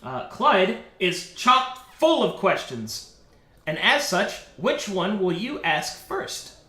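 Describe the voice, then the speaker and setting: Male game master narrating for stream chat; unhurried, fairly high voice in a roomy space. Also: big pitch swings, pushed and bright. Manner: unhurried storytelling with fillers. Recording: echoey room.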